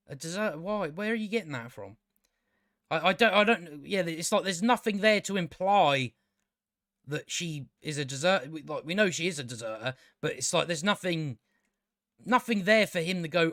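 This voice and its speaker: A man's voice: a little high, animated, moderate pace, a bit bright, dry recording, studio quality. A man giving a casual, rambling review of a TV episode, exasperated and incredulous, with many fillers and restarts. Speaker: TV show reviewer.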